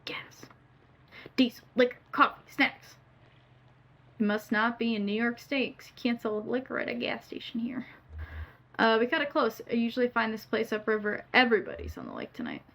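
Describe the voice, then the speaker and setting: A woman streamer reading game dialogue aloud with playful asides, her voice a bit hoarse. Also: on the high side, fairly bright tone. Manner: reads lines in character, playful asides.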